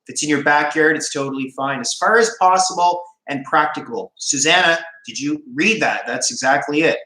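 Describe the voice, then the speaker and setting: A man's voice: a little high, fairly quick, sharp tone, echoey room, rough recording. A man with a Canadian accent hosting a casual livestream, rambling and joking as he reads out viewer comments. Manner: chatty, rambling, jokey, laughs often. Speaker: YouTube channel host on a live stream.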